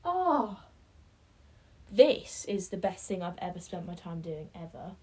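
A woman's voice: fairly low pitch, sing-song, unhurried, warm tone, slightly rough, poor audio. A woman vlogging in casual self-talk, out of breath and self-mocking, often dropping to a whisper. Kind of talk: casual self-talk while building a blanket fort.

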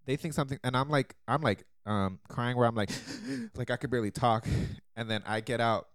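A man co-hosting a podcast, telling a story with animated energy and laughing often. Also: medium pitch, normal speed, smooth, no room sound, clean studio sound. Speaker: podcast co-host. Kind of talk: casual chat.

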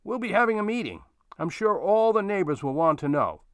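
A man's voice: high voice, big pitch swings, brisk, smooth, no echo, pitched above the performer's own voice. A man voicing a courteous, slightly curt older man who acts as unofficial mayor of his street.

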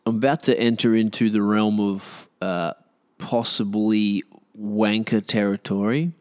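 A man's voice: lowish voice, fairly even intonation, a little slow, darkish tone. A man with an Australian accent, talking casually in a rambling, self-deprecating way with many fillers and restarts. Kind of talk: casual monologue.

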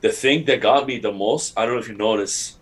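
A man in casual chat as a podcast co-host, excitable and rambling, laughing often. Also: fairly low pitch, fairly quick, breathy edge.

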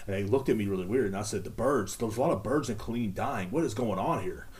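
A man's voice: lowish voice, quick pace, a little mellow. A man hosting a casual solo podcast, rambling through jokey stories with lots of fillers. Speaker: podcast host.

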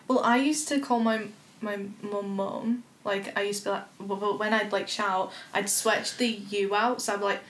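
A woman's voice: mid-range voice, steady tone, moderate pace, hardly any pauses, fairly bright tone, echoey room. A young woman with a Northern English accent in a casual chat, telling wry, self-deprecating stories.

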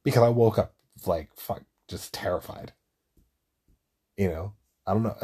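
A man hosting his own show, telling a story in a rambling, profane, casual monologue and getting louder when he is worked up. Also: takes it slowly, pauses often, husky. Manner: gets loud and high-pitched when excited. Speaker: podcast host.

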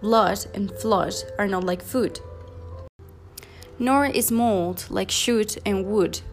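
A woman reciting a long pronunciation poem slowly, one word at a time, as a teacher would. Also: medium pitch, soft background music. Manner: slow, deliberate word-by-word recitation.

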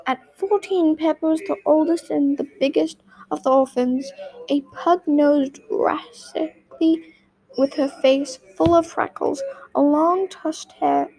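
A woman's voice: sits high, slow, gravelly, darkish tone, rough recording. A woman reading a storybook aloud, with small slips and restarts.

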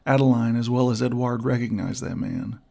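Male narrator, audiobook, measured reading, gravelly, middle pitch. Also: mellow. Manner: measured, old-fashioned storytelling.

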